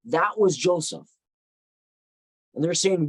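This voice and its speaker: A man's voice: fairly high pitch, animated, slow, pauses often, no room sound, poor audio. A man teaching a Bible study, retelling the story reflectively with frequent restarts.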